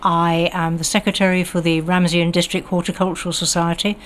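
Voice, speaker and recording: A woman's voice: on the low side, flat delivery, brisk, slight background noise. An older woman from the West Country with a received pronunciation accent, a guest on local radio talking chattily with many ums. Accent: southern English, received pronunciation. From West Country of England. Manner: chatty, hesitant with ums and restarts. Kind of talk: casual radio chat.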